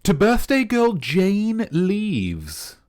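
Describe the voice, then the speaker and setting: A man's voice: high-pitched, wildly swooping pitch, drawn-out words, darkish tone. An English man with a refined RP accent, hosting a live-streamed character comedy show in a grandiose, theatrical manner. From England. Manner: grandiose, theatrical, playfully pompous. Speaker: streamer host.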